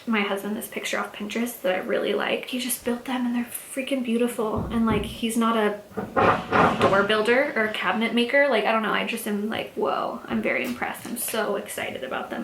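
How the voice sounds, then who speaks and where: A woman's voice: on the high side, fairly bright tone. Chatty, reflective woman in an echoey room. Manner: chatty, reflective, many "like" and "you know" fillers. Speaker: makeup vlogger. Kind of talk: casual chat while doing makeup. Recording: echoey room, faint ambient noise.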